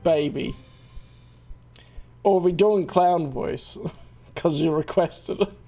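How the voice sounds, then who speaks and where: A man's voice: fairly high pitch, slow, gravelly, dark tone, faint music behind. A man casually chatting while he plays through a game on stream, laughing often and restarting his sentences as he talks. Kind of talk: casual let's-play chat.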